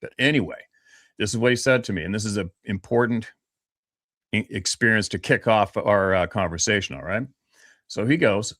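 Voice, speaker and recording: A man's voice: lowish voice, moderate pace, dry recording, clean studio sound. A man in his fifties from Vancouver Island, telling stories bluntly and profanely as an interview guest over a remote call. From Vancouver Island, Canada. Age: 50s. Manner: blunt, profane, animated storyteller. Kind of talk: casual storytelling interview.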